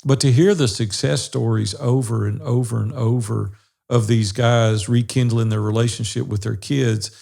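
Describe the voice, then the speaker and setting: A man's voice: medium pitch, fairly even intonation, normal speed, creaky. A man, co-hosting a podcast and telling stories in a folksy, casual way. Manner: warm folksy storyteller, says y'all and fixing to. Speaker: co-host of a business brotherhood podcast. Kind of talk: casual storytelling chat.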